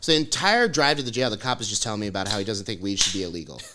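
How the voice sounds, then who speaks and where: A man's voice: lowish voice, lively intonation, racing, noisy background. A young man telling a comic story on a podcast, rambling, laughing often and acting out the people he quotes. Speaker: podcast co-host. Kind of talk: comedic storytelling.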